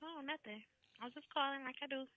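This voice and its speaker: A woman's voice: sits high, fast, pushed and bright, lo-fi sound. A woman calling in to a comedy show, chatting casually and soothing the host in an easygoing way. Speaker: caller. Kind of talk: casual phone chat.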